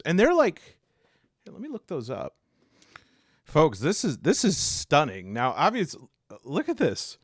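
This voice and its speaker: A tabletop game reviewer rambles through an unboxing, his pitch swooping wildly as his exasperation builds. He speaks slowly and casually to the viewer, with long pauses and frequent restarted sentences. The audio is dry and close, with no room echo.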